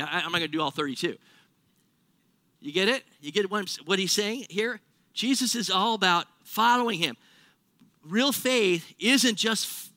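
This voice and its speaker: A man preaches to his congregation in an animated, chatty style, slipping into sarcastic acted-out quotes. His voice sits high and rings very bright. The sound is dry and close, with no room echo. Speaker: pastor. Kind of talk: sermon.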